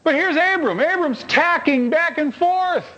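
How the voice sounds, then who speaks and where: A male pastor delivering a sermon in a high, lively voice that climbs on emphatic lines and drops low for quiet asides. He talks in a storytelling way and keeps putting rhetorical questions to his listeners. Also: unhurried, background noise.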